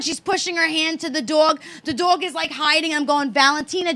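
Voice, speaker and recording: A woman podcast co-host telling a story in casual chat, animated and swearing, acting out the voices of the people in it. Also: sits high, brisk, few pauses.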